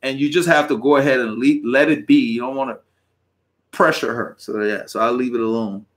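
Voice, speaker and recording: A man's voice: mid-range voice, steady tone, fairly quick, a bit bright. A middle-aged man from Texas hosts a cycling channel's live stream, reading viewer comments in a rambling, conversational way and chuckling often.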